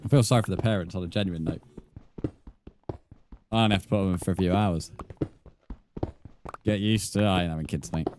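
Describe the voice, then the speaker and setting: Young male gaming streamer, lower voice, cheeky banter with viewers, noisy clicky mic. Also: fairly quick, long pauses. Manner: joking banter with chat, laughs often. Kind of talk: live-stream chat while playing.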